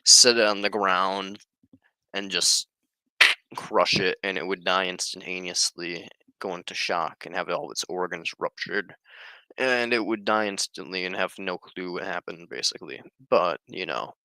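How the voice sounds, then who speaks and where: Deep-voiced man rambling offhand. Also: unhurried, bright, forceful tone, clean tone, dry recording, rough recording. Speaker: streamer. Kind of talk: casual monologue.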